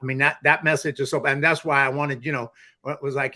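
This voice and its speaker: A man's voice: medium pitch, level tone, brisk, bright, forceful tone. A man hosting a podcast, chatting casually in a rambling way with many restarts. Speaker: podcast host. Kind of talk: casual interview chat.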